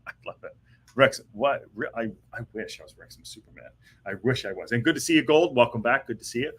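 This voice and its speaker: A fast-talking man hosts a live football podcast in a mid-range voice that is expressive, a bit bright, and edged with breathiness. His casual live-stream chatter rambles, with many fillers and restarts.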